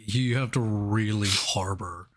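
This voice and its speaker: A man's voice: on the low side, slow, a bit bright. A man co-hosting a casual movie review podcast, laughing often and rambling through his points with restarts. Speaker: podcast co-host.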